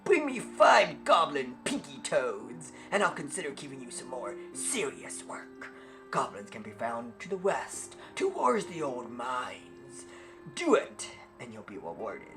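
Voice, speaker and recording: A man's voice: medium pitch, huge pitch swings, measured pace. A man voicing a lazy, scornful male town guard who taunts the hero, with game music behind. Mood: mocking. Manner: sneering, taunting.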